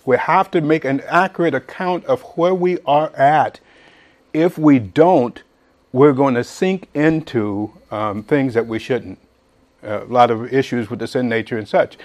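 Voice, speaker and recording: A middle-aged man preaching a verse-by-verse sermon in a folksy manner, building to emphatic, near-shouted points. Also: mid-range voice, measured pace. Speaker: pastor.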